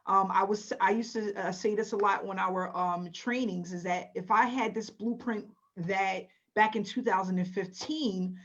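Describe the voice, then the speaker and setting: A woman hosting a webinar in an upbeat manner, calling on attendees by name. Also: medium pitch. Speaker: webinar host. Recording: dull lo-fi audio.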